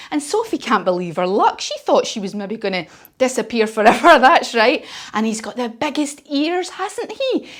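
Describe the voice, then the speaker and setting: A woman leading a children's yoga class while telling a story, playful and encouraging. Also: on the high side. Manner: encouraging, playful, sing-song. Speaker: kids yoga teacher.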